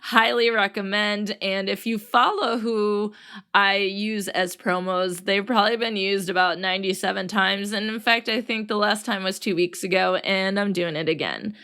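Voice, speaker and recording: A woman hosts her podcast alone, talking casually into a studio microphone. Her voice is bright and forward, at a middle pitch for a woman. She sounds very tired but stays chatty, with laughs breaking into her sentences. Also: fairly even intonation, normal speed, smooth. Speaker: podcast host. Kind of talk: casual solo podcast chat.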